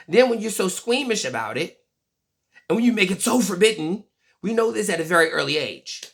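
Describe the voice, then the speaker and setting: Vlogger in their forties, casual monologue, foul-mouthed and blunt; raspy, creaky edge. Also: mid-range voice, moderate pace. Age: 40s. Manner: blunt, profane, animated storytelling.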